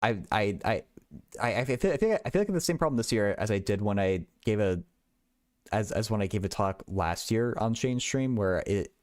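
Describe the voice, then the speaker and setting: A man's voice: lowish voice, lively intonation, moderate pace, darkish tone, no echo, studio quality. A young man hosting a casual livestream, thinking aloud in a rambling way with many stammered restarts. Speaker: livestream host.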